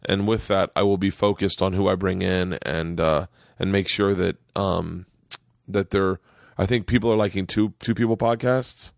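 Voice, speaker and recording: Profane middle-aged male podcast host, gravelly. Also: steady tone, normal speed, no room sound, studio quality. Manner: profane, joking, puts on a high drawling yokel voice at times. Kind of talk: casual chat. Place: home man cave studio.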